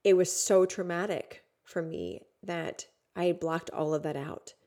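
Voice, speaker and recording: A woman's voice: fairly low pitch, a little slow. Woman telling a raw personal story. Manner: raw, intimate, with frequent "like" and sudden swings from hushed to loud. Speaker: podcast host.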